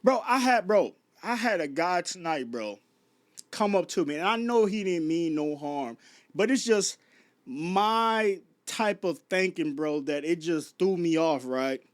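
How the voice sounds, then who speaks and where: A man's voice: sits high, animated, a little slow. A man, ranting late at night to his viewers, stumbling over restarts and firing off rhetorical questions. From Chicago. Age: 30s. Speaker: vlogger. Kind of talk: late-night rant to camera.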